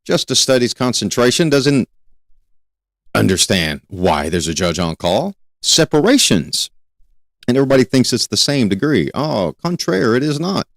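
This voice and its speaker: A man's voice: mid-range voice, sing-song, moderate pace, vocal fry, no echo. A man hosting a criminal justice lecture, talking emphatically, repeating key points and asking rhetorical questions. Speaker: criminal justice educator and show host. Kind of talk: spoken lecture to students.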